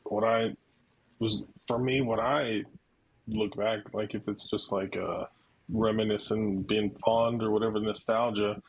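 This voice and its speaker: A man's voice: lowish voice, fairly even intonation, a little slow, dull audio, a little hiss or hum. A man on a podcast, rambling loosely and swearing as he talks. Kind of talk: casual chat.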